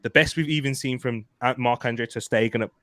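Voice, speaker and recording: A man in a casual football podcast chat lays out his argument with example after example. His voice sits at an ordinary middle pitch. The sound is close and dry, with no room around it. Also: a little fast, bright, forceful tone, no echo. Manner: thoughtful, builds arguments with lists of examples. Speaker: podcast co-host.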